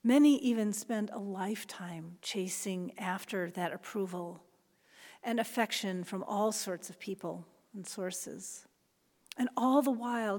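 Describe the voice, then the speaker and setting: A woman pastor preaching a sermon in a church, earnest, dropping to soft whispers and rising for emphasis. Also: medium pitch, measured pace. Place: church sanctuary. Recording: long reverb of a large church hall.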